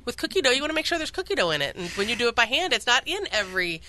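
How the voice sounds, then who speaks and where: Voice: medium pitch, very animated, very fast, pushed and bright, dry recording. An ice cream shop owner talking enthusiastically as a guest on a radio show, with many fillers. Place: radio studio.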